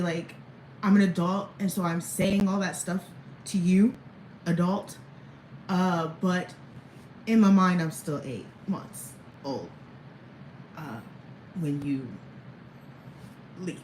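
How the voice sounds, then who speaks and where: A woman's voice: on the low side, slow, pauses often, a little mellow, slight background noise. A woman in her thirties rambling candidly to camera in a casual personal vlog, chuckling between thoughts. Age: 30s. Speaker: vlogger. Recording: echoey room, faint background ambience.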